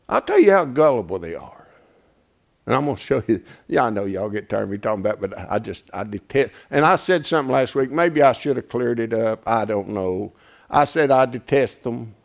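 A man preaching a fiery sermon, swinging from shouted, tearful peaks to low, quiet stretches. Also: vocal fry. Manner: rising to shouted, tearful crescendos, then dropping low.

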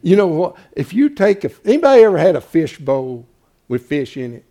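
A man preaching a folksy sermon, swinging from hushed asides to shouting. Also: on the high side, big pitch swings, a little fast.

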